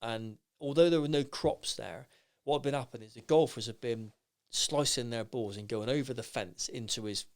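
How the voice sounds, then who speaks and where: A middle-aged man, a podcast guest, telling stories in a lively, rambling way with many restarts. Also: medium pitch, normal speed, few pauses. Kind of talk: anecdotal storytelling in casual chat.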